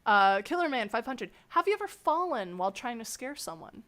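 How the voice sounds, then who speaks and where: A woman hosting an interview, telling rambling anecdotes in a casual, animated way and laughing often. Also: fairly high pitch, brisk. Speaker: host interviewing a fellow scare actor. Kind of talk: casual storytelling chat.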